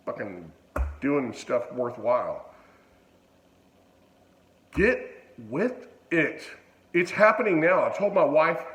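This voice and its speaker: A man's voice: on the high side, fairly bright tone, reverberant, rough recording. A man hosting his own channel, ranting in a blunt, profane, rambling casual way. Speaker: channel host. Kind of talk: casual vlog rant.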